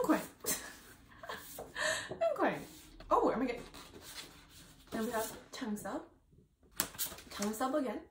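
A chatty, excitable young woman talks her way through an unboxing with a fairly high voice. She sits a little back from the mic, and the room around her rings with echo. She laughs and gasps often. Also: far from the mic. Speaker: vlogger. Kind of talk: casual unboxing chat.

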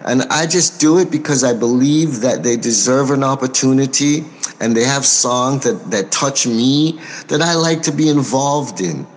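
An American man talks through an interview as a record producer. He is measured and unhurried, pausing often with soft fillers, yet stays forthright and outspoken. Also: medium pitch, a little hiss or hum. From United States. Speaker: record producer and label owner. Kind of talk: interview answers.

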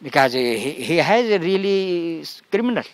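A man, a spiritual teacher, giving a satsang talk and telling a story in halting, broken English full of restarts. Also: a little high, very animated, no echo. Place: outdoor gathering spot.

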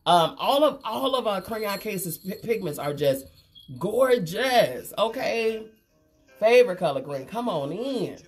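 A woman, hosting a casual makeup livestream and chatting warmly with viewers. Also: mid-range voice, very animated, measured pace, husky. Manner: chatty, reads viewer comments aloud, calls them girl and honey. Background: faint Christmas music.

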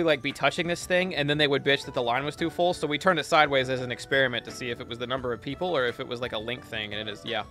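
A man's voice: on the high side, fairly bright tone. A young man streaming a game, chatting casually and telling a profane story while reading chat.

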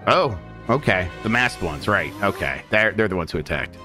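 A man co-hosting a game playthrough, joking in a deadpan way and laughing often. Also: low voice, normal speed. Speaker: co-host of a game stream. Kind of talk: casual playthrough banter. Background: video game music.

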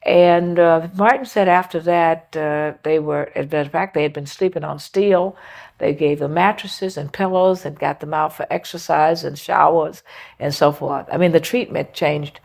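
Older woman, low gravelly voice, unhurried reflective storyteller with many pauses. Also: steady tone, darkish tone. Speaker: interviewee recounting a personal memory. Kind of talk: oral history interview.

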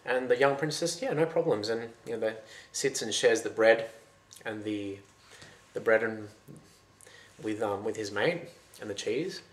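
A man retelling a folktale in a loose, lively, conversational way. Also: on the low side, unhurried. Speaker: storyteller. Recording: roomy echo.

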